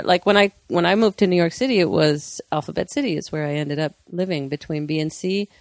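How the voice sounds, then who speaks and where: Creaky-voiced woman telling stories chattily. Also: low voice, a little mellow, dry recording, clean studio sound. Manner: chatty storyteller, acts out quotes. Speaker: podcast co-host. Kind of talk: casual chat.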